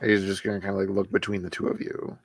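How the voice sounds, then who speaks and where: A man narrating as game master of a tabletop game in a relaxed, loose way. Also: low voice, fast talker, creaky, husky.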